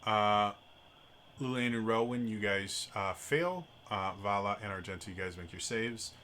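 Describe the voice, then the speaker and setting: Game master, man, bright voice, casual with lots of ums. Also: on the low side, unhurried, slight background noise. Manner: relaxed and casual, with frequent fillers and stutters. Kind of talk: narrating a tabletop game.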